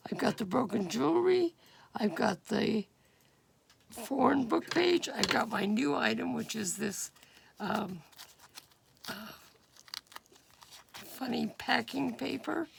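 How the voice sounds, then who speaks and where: A woman with a deeply gravelly, gruff voice talks very slowly through a craft project, thinking aloud with plenty of fillers and now and then slipping into a whisper. Clear background noise and clicking tools run under her voice. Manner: unhurried, thinking aloud with fillers and drops into whispers while working. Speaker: crafter demonstrating a junk journal project. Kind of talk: casual step-by-step craft demonstration.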